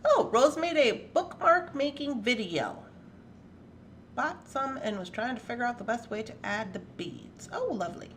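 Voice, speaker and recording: A woman's voice: fairly high pitch, lively intonation, measured pace, a bit bright, a little hiss or hum. A woman hosting a casual morning livestream from her home workroom, chatting and greeting viewers by name and playfully teasing her cats. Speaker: livestream host.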